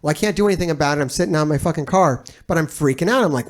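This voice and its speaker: A man's voice: fairly high pitch, very fast, hardly any pauses. A man giving casual reaction commentary as a streamer, telling a rambling story full of swearing.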